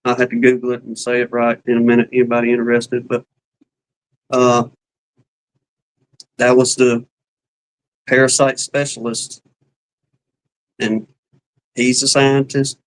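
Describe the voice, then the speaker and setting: A man's voice: medium pitch, clear, resonant tone, low-quality recording. Folksy Southern man chatting. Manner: folksy, rambling, drawling with fillers. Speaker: beekeeping livestream co-host. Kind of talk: casual chat.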